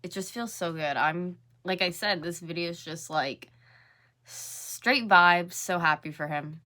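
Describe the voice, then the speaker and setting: Young woman reacting on her channel, lowish voice, blunt, swears casually. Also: measured pace, pushed and bright. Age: 20s. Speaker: reaction video host.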